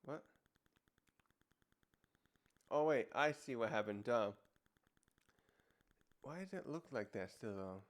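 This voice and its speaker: A man's voice: medium pitch, lively intonation, slow, pauses often. A man casually reviewing a comic chapter, rambling with many restarts and fillers. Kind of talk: casual commentary.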